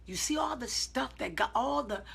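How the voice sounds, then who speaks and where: Bright, husky-voiced woman preaching. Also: sits high. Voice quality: emphatic storytelling, acting out her own side of conversations. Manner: swings from calm self-talk to loud, drawn-out exclamations. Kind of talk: informal preaching to online viewers.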